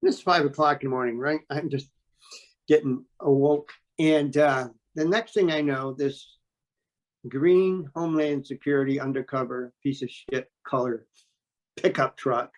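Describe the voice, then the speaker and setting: A man telling a story as an interview guest, talking in a blunt, animated way and swearing freely. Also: medium pitch, unhurried. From New York State. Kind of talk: casual storytelling.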